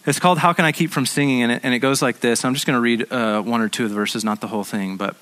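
Conversational pastor preaching. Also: male voice, medium pitch, fairly even intonation, fast, fairly bright tone. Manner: conversational, repeats words as he restarts. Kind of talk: sermon.

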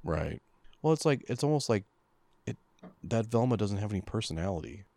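A man's voice: on the low side, big pitch swings, fairly quick, vocal fry, mellow, dry recording. A man co-hosting a podcast in casual chat, laid-back and agreeable. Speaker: podcast co-host.

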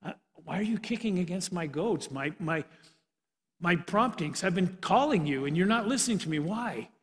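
A quiet, gently reproachful divine voice, as a preacher acts it out. It is higher than most men's and rings with a long hall echo. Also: male voice, lively intonation, moderate pace. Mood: gentle reproach. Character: Jesus as a calm divine voice. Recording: reverberant hall.

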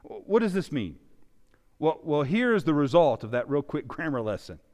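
A male pastor preaching a sermon, with animated emphasis that swings loud and soft. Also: fairly high pitch, normal speed. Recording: long reverb of a large hall.

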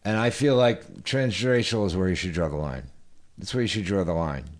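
A man co-hosting a podcast, chatting casually and telling rambling stories in an animated way. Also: sits low, moderate pace. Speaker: podcast co-host. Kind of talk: casual chat.

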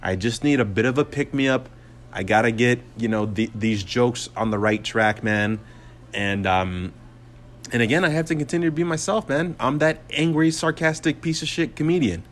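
A young man in his mid-twenties runs his solo podcast with a loose, foul-mouthed rant. His voice sits at a middle pitch, and he circles back on himself with fillers, sarcasm and many false starts. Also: moderate pace, a little hiss or hum. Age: 20s. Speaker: podcast host and comedian.

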